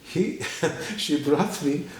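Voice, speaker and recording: A man giving his personal testimony at a church, telling his story in an animated way and acting out the dialogue. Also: a little high, very slow. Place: church hall. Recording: echoey room.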